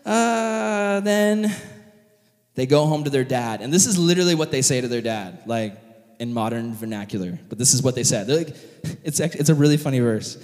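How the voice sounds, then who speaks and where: A man tells a Bible story in a loose, jokey way, full of asides and "like". His voice is lively and swings widely. A long reverb rings around him in a large hall. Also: medium pitch, quick pace.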